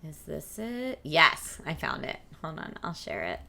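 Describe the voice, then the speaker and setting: A woman's voice: deep voice, wildly swooping pitch, a little slow, vocal fry, few pauses, sharp tone. A woman hosting a livestream, chatting casually and reading out viewer comments in an upbeat, rambling way. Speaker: livestream host.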